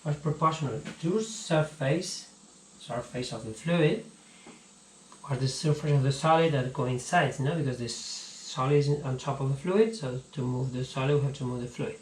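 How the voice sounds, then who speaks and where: Man, casual physics lesson, halting delivery, faint room hum. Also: mid-range voice. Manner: halting, repeats words while explaining. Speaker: physics teacher. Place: home room. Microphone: action camera. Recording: echoey room with faint ambience.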